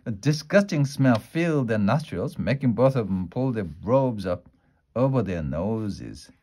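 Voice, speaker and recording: A man reading a fantasy novel aloud, unhurried, now and then tripping over a word and restarting. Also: on the low side, animated, mellow. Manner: unhurried, with small slips and restarts. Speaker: storyteller.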